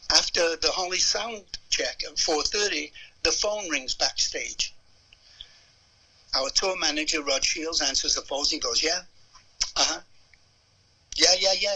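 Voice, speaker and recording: An older man, telling stories as a musician guest in an interview, animated and acting out the people in them. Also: a little high, husky, rough recording. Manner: animated storyteller who acts out voices and hums melodies. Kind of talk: anecdotal storytelling interview.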